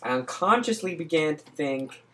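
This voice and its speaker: A man's voice: on the high side, lively intonation, moderate pace, very noisy. Man reading aloud with slips. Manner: reads stiffly, slips on words. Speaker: co-host reading a book aloud. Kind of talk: casual comedic reading.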